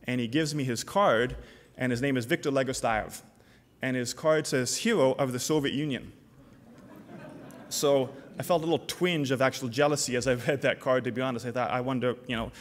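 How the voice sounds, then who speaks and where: A middle-aged man from Canada delivers a conference keynote in a loose, anecdotal way. He talks at a mid pitch, full of "uh"s and restarts. His voice rings with the long reverb of a large hall. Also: a bit bright. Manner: casual, anecdotal, many fillers and restarts. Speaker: keynote speaker, company CEO.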